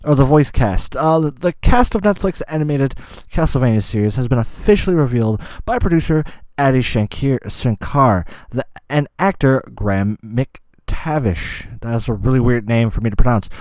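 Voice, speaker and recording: Brief: male podcast host, mid-pitched, rambling and profane, close dry mic. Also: lively intonation, normal speed, a little mellow, no echo. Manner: rambling, swears a lot, loses his train of thought. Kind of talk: casual solo gaming podcast.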